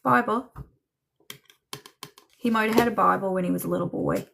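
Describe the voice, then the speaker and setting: A woman doing a live psychic reading for chat viewers, slow and musing, with many ums and trailing thoughts. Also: mid-range voice, gravelly, noisy background. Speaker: psychic medium.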